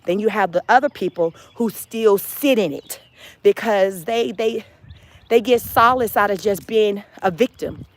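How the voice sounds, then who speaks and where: A woman's voice: medium pitch, a little slow. A woman hosting a casual motivational livestream, talking emphatically, repeating phrases and laughing often. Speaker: livestream host.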